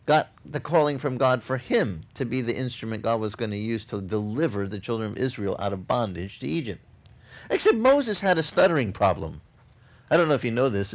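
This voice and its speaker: A male pastor preaching with a very lively, swooping pitch. He reads scripture and then breaks into conversational asides, mimicking voices to make his point. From Hawaii. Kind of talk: expository sermon.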